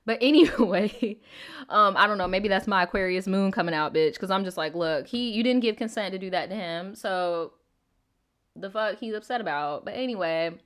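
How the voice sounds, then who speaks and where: A young woman hosts a storytime show, reading a viewer's letter aloud. She stops often to give blunt, profane opinions and laughs easily. Her voice sits at a middle pitch for a woman. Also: fairly quick, fairly bright tone, smooth. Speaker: storytime channel host.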